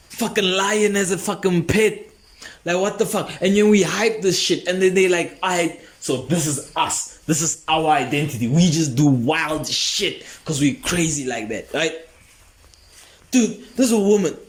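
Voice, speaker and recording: A man hosting a comedy podcast, telling a rambling, profane story and laughing often. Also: high voice. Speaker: podcast host.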